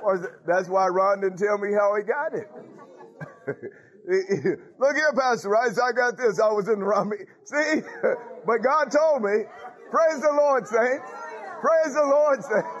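Male preacher, animated sermon delivery, frequent laughs, dull lo-fi recording. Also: sits high, measured pace, a faint crowd. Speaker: pastor. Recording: dull lo-fi sound.

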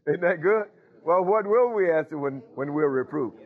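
A man's voice: on the high side, normal speed, dull audio. A man preaching a sermon, calling out to the congregation and breaking into sung lines.

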